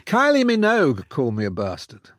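A man's voice: on the high side, brisk, no echo. Older male author, theatrical raconteur, close studio mic, very dry. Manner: animated, theatrical storyteller. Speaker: author guest. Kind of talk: conversational storytelling. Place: radio studio.

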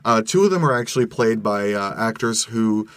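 A low-voiced man chatting as a podcast guest with eager enthusiasm, often stumbling and restarting his sentences. His voice sounds dry and close. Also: lively intonation, moderate pace, fairly bright tone, no echo. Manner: enthusiastic, talks with many restarts and fillers. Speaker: podcast guest film critic. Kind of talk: casual podcast chat.

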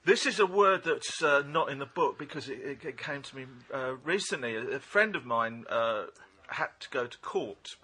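A man as a guest in a casual chat, telling anecdotes haltingly with many fillers. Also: medium pitch, expressive, bright, forceful tone, slightly rough. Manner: halting anecdotes, full of ums.

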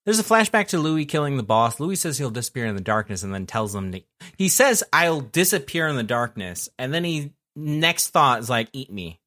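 A young man hosting a casual podcast, recapping an anime episode in an animated, swearing way. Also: medium pitch, fairly quick, dry recording, clean studio sound. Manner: animated recap, profanity, laughing.

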